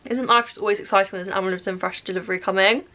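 A woman's voice: mid-range voice, steady tone, rapid-fire, very noisy. A young woman chatting casually at home in a vlog, peppering her talk with "literally". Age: young adult. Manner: chatty, says "literally" constantly. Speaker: vlogger.

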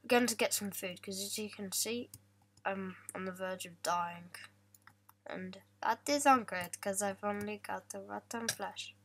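A young woman talks through her game in a loose, joking way, teasing her viewers and the animals on screen. Her voice is bright and clear at a middle pitch, and mouse clicks sound under her talk. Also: measured pace. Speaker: gaming vlogger. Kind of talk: casual game commentary.

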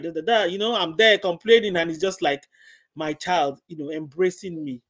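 A woman's voice: lowish voice, normal speed. Middle-aged woman sharing her faith story, earnest, says things twice for weight. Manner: earnest, repeats phrases for emphasis. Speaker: guest. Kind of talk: personal faith testimony.

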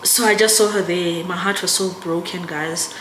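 A young woman with a South African accent talks casually to camera. She is chatty and emotional and keeps calling out to her viewers. The sound is roomy, with steady noise behind her. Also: on the low side, normal speed. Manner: chatty and emotional, often addressing viewers as guys. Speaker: vlogger. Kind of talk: casual vlog chat to camera. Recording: echoey room with background noise.

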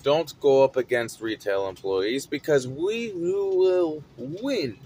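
A man telling a story from his retail job in an animated, dramatic way. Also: on the high side, slow, slight background noise. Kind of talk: casual storytelling vlog.

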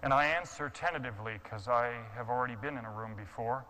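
A man telling a dramatic sermon story, swinging from hushed, quiet passages to impassioned shouting. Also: medium pitch, fast talker, poor audio. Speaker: guest speaker.

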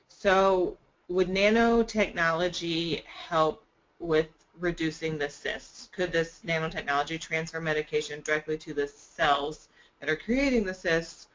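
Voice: medium pitch, a bit bright. A webinar moderator reading out audience questions in a conversational, slightly hesitant way. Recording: muffled webinar audio.

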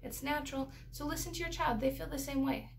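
Mom chatting about parenting, lots of likes and ums, vocal fry, kinda high voice. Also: female voice, fairly quick. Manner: chatty, storytelling, lots of filler words. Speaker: mother teaching parents. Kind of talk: casual educational talk.

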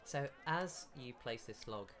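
A man narrating as game master of a tabletop game, in a measured, descriptive way. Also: medium pitch, animated, fairly bright tone.

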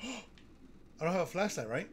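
Male gaming streamer, jittery and gasping, very lively pitch, audible background noise. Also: moderate pace. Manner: jumpy, gasping, nervous and excitable. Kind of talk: horror game commentary.

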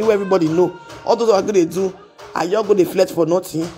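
A woman's voice: medium pitch, quick pace, warm tone, faint music behind. A woman with a Nigerian accent, chatting casually on a live stream and sliding between Pidgin and English, with frequent laughs. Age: adult with children.

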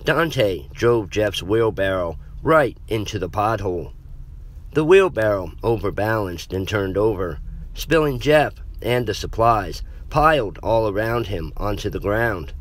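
A man reading a horror story as a narrator in a measured, dramatic way. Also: lowish voice, expressive.

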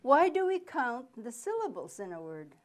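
A woman presenting a reading workshop, explaining slowly with pauses and asking questions, then answering them herself. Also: on the high side, sing-song. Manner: slow, deliberate explaining with pauses. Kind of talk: live teaching workshop.

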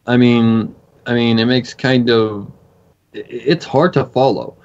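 A young man in his twenties chats loosely as he comments on a cartoon, rambling and cursing casually. His voice sits at an ordinary pitch. The recording sounds dull and lo-fi. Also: fairly even intonation, a little slow, darkish tone. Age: 20s. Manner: rambling, swears often. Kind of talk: casual reaction chat.

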